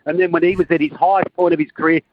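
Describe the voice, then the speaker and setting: A man's voice: fairly high pitch, flat delivery, racing, narrow, tinny audio, background noise. An Australian man calling in to a podcast, ribbing a friend with a cheeky story. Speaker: caller. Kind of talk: casual phone call.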